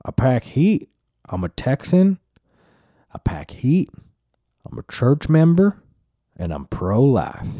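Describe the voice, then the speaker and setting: A man's voice: mid-range voice, sing-song, unhurried, mellow, dry recording, voice pushed up. A man voicing a proud, gun-carrying churchgoing Texan woman who repeats herself brashly. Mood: defiant.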